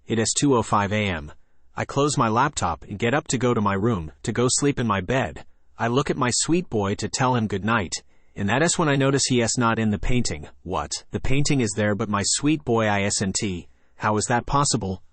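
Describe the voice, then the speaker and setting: A man reading a first-person horror story in a plain, even narration. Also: fairly low pitch, dry recording.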